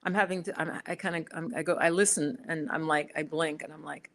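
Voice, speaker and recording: A woman's voice: sits low, a little fast, a little hiss or hum. A woman hosting a spiritual talk, chatting casually with live viewers and acting out little conversations as she tells a story. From United States. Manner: chatty and animated, acts out quoted exchanges. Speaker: spiritual video host.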